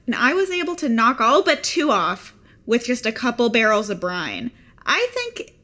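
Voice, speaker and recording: Woman at a tabletop game, slow and unsure, bright highish voice. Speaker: player. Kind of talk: tabletop role-play in character.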